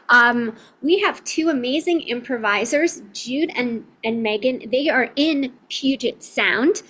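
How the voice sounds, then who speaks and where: A woman's voice: high-pitched, bright, forceful tone, rough recording. A woman hosting an improv comedy game show online from a hotel room, upbeat and encouraging. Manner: upbeat, encouraging, speaks slowly.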